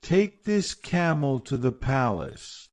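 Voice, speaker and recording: A man's voice: medium pitch, huge pitch swings, takes it slowly, no room sound, pitched above the performer's own voice. A man voicing a confident, cheerful magical talking head in a storybook reading, raising his voice for it. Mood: reassuring.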